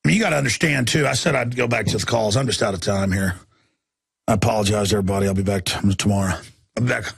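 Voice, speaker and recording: A man hosting a talk radio show, delivering an impassioned rant that swings from low muttering to shouting. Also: fast, vocal fry, slightly rough.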